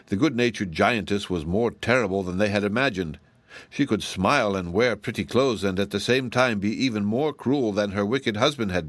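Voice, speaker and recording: A man narrating a classic children's fantasy audiobook in a measured storytelling manner. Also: fairly low pitch, no echo. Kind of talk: scripted narration.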